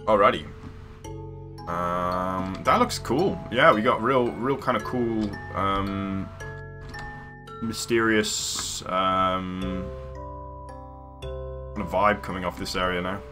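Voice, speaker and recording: Low-voiced, rambling British streamer. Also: male voice, takes it slowly, long pauses, music in the background. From UK, near London. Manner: rambling, many fillers and restarts. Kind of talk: casual livestream chat while gaming.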